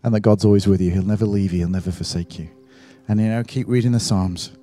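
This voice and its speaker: A man's voice: on the low side, fairly even intonation, fast talker, dark tone, soft background music. A man leading a church service as pastor, encouraging the congregation. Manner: encouraging, exhorting. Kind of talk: sermon.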